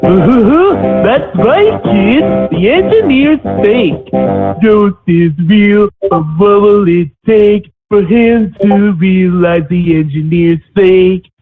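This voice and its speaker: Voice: mid-range voice, animated, slow. Someone voicing a cheerful male dinosaur children's host who talks down to kids in a sing-song way. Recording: tinny phone-like audio with loud music.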